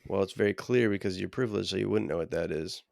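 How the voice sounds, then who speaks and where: A man co-hosting a podcast with a gravelly, rough-edged voice. He delivers crude jokes in a flat, deadpan way. The sound is dry and close, from a remote call mic. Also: low-pitched, fast talker, no echo. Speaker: podcast co-host. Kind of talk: casual crude banter.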